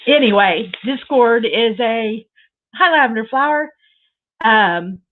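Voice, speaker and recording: A woman's voice: a little high, lively intonation, slow. A woman hosting a casual crafting livestream, gushing and sentimental, rambling with lots of fillers. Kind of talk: casual live chat with viewers. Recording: tinny phone-like sound.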